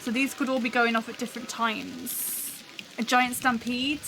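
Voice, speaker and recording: A woman's voice: on the high side, flat delivery, moderate pace, over music, poor audio. A woman hosting a livestream, chatting and thinking aloud as she builds a soundscape. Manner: chatty, musing, talks to live chat. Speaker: show host building a soundscape live.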